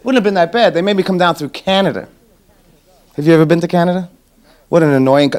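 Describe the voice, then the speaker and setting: A man performing a stand-up comedy set in a club, animated and punchy, with mock-exasperated rants. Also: on the high side, fast, long pauses.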